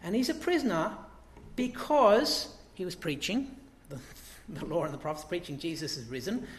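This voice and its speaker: A man's voice: high voice, animated, normal speed, roomy sound, slight background noise. A man preaching a sermon in a conversational way, asking the congregation rhetorical questions and acting out quotes.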